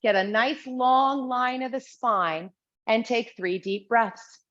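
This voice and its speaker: A woman teaching a chair exercise class, calmly and steadily cueing each breath and movement. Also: a little high, slow pace. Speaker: Pilates instructor. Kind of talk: guided exercise class instruction. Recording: slightly dull lo-fi sound.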